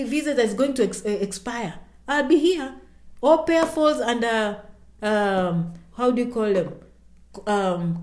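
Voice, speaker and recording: A woman's voice: medium pitch, reverberant. A woman answering her viewers' questions in a casual livestream. She is chatty and emphatic, repeats herself for effect, and speaks of herself by name. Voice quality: animated, emphatic repetition. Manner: chatty, self-promoting, speaks of herself in third person.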